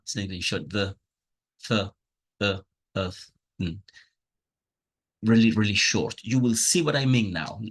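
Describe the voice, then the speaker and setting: A man explaining pronunciation over slides, unhurried and patient. His voice sits a little low and has a husky edge. He is openly enthusiastic about teaching. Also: a bit bright. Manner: slow, patient explaining with spoken examples. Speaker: English teacher.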